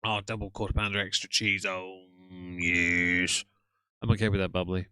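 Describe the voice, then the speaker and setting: A man's voice: on the low side, level tone, quick pace, a bit bright, smooth, no room sound. A man doing sarcastic live-stream reaction commentary and greeting viewers by name.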